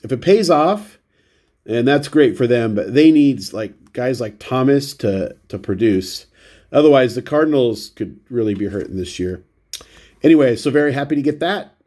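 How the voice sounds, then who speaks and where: A man with a stuffy, runny nose talks casually through a pile of baseball cards, one at a time. His voice is mellow and warm, sitting at an ordinary middle pitch. He rambles and pokes fun at himself as he goes. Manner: rambling, self-deprecating, shows cards one by one. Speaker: baseball card vlogger. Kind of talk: casual chat.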